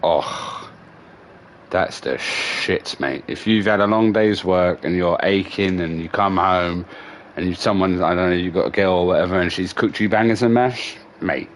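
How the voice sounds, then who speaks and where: A middle-aged man hosts a gaming livestream in a low voice. He chats loosely and swears freely, telling animated stories full of slang. There is a faint hiss of noise under him. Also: normal speed. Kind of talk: casual chat.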